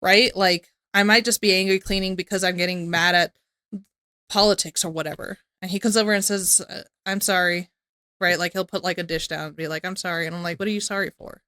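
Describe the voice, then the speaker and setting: A young woman comments on a video she is watching, in a loose, rambling way that keeps circling back in exasperation. Her voice is bright and forceful. The sound is dry and close to the mic. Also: on the low side, steady tone, a little fast, dry recording. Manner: rambling, exasperated, repeats herself. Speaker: reaction streamer.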